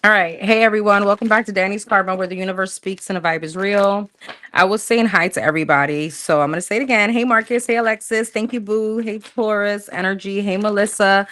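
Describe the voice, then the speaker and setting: A woman's voice: mid-range voice, brisk, fairly bright tone. A woman casually chatting through a livestream tarot reading, slangy, thinking aloud as she pulls cards. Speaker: tarot reader.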